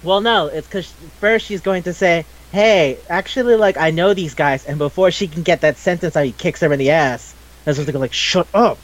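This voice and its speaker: A man's voice: on the high side, a little fast. A young man casually recapping an anime episode, swearing often and acting out the characters' lines. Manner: animated, swears a lot, acts out characters' lines. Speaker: podcast co-host.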